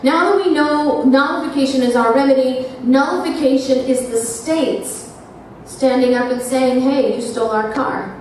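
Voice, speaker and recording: A woman telling a story at a live lecture, animated and confrontational. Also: sits high, moderate pace, slight background noise. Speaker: constitutional speaker. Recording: echoey hall from far off.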